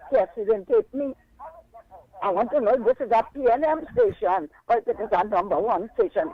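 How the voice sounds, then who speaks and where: An older woman with a Trinidadian accent calls in to a radio show, insistently repeating her questions. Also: fairly high pitch. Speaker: caller. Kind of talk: call-in radio complaint. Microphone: telephone. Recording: muffled phone line.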